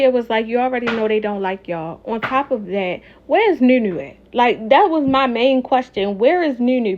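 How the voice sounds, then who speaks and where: A woman casually recapping a reality show, animated and opinionated, talking straight to her viewers. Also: on the high side, muffled recording.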